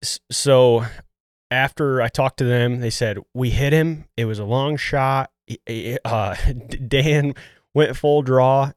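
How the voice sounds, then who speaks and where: Podcast host, male, middle pitch, energetic hunting yarn, bone-dry studio mic. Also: slow pace, clean tone, no room sound. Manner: animated, acts out quotes, says "dude" often. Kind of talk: casual hunting storytelling.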